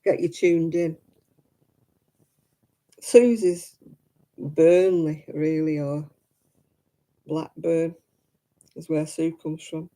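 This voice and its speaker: Stream host, male, slightly high and very mellow, easy chatty delivery with frequent laughs. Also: steady tone, drawn-out words, pauses often. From Manchester, England. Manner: chatty, laughs often, reads out viewer comments. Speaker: host of a crafting livestream. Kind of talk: casual chat answering viewers.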